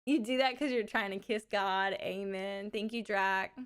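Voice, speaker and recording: A woman's voice: mid-range voice, steady tone, vocal fry, fairly bright tone, clear, resonant tone. Giggly woman streamer with a slight lisp. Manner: chatty and giggly, drawn-out words. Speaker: livestreamer. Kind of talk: casual chat to a live audience.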